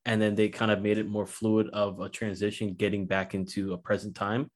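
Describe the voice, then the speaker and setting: Earnest man, fairly low voice. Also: little pitch movement, a little fast. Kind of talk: casual chat.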